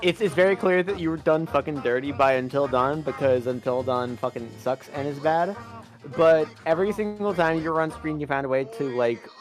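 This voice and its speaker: A young man in a casual livestream chat with friends, excitable and rambling, swearing freely and sometimes jumping into shrieks. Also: fairly high pitch, a little fast, soft background music.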